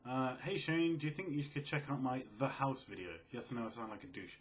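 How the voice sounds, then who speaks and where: Young male video creator, soft-spoken and sleepy-sounding, casual Q&A, mid-range voice. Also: lively intonation, a little fast. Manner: quiet, low-key, self-described mellow and sleepy. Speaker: video creator answering viewer questions. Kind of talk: casual Q&A chat.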